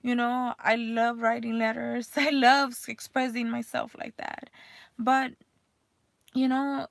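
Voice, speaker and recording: A woman's voice: on the high side, flat delivery, a little slow, creaky, no echo. A woman in her thirties, a mother, talking candidly in a rambling personal vlog full of fillers. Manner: emotional, voice rising and cracking near tears.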